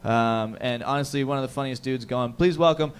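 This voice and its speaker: A man's voice: mid-range voice, brisk, clear, resonant tone. A man hosting a stand-up comedy show, bantering loosely with the crowd and swearing freely. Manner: loose, profane, crowd-hyping. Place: comedy show stage before a live crowd.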